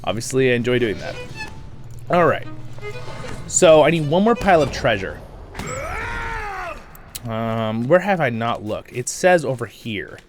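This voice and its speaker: A man, host of a game voice-over channel, chatting casually and rambling while he plays, laughing often and swinging from quiet asides to loud bursts. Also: medium pitch, big pitch swings, a little slow, long pauses, faint music behind.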